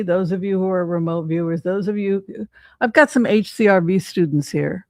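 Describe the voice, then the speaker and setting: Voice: mid-range voice, moderate pace, no room sound, clean studio sound. A psychic tarot reader giving casual livestream commentary in a chatty way, often asking the audience rhetorical questions.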